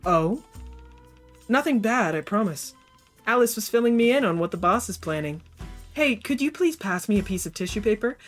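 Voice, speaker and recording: A woman voicing a poised, friendly female fire performer, talking gently and chattily while doing her makeup. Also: mid-range voice, lively intonation, moderate pace, soft background music, close to an everyday voice.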